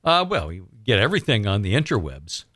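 Bright, bantering male radio host. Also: fairly low pitch, very animated, fairly quick, dry recording, clean studio sound. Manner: jokey, bantering. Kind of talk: casual radio interview.

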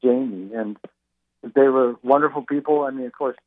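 A man's voice: mid-range voice, moderate pace. Older man musician on a phone line. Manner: rambling, many fillers and restarts. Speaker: musician guest. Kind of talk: interview over the phone.

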